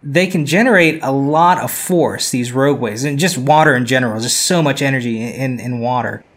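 A man's voice: mid-range voice, brisk, a bit bright. A man co-hosting a podcast, explaining things casually with repeated words and lots of "you know". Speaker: podcast co-host.

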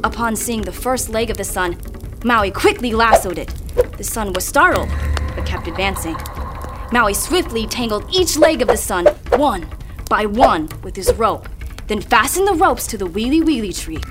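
A woman reading a legend aloud in a measured, expressive way. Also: fairly high pitch. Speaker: storyteller. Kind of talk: read-aloud legend narration. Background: music.

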